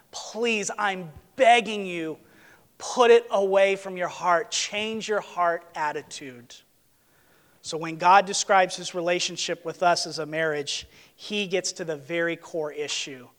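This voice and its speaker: Guy preaching in church, pretty high voice, earnest and emphatic, long echo tail. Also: a bit bright. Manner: earnest, emphatic, repeats key words. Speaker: pastor. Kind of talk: sermon. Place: church sanctuary, on a platform.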